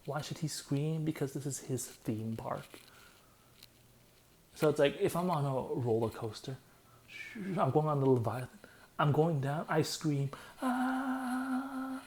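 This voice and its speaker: A man giving a casual comedic breakdown of song lyrics, excitable and laughing often, sometimes dropping into hushed breathy asides. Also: mid-range voice, a little slow, pauses often.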